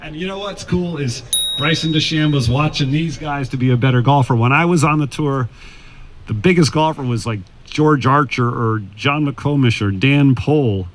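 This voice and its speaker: A man's voice: mid-range voice, moderate pace, a little hiss or hum. A former tour golfer, a man, giving putting advice in a casual, anecdotal storytelling way, speaking outdoors at a golf club. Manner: anecdotal, acts out quoted dialogue.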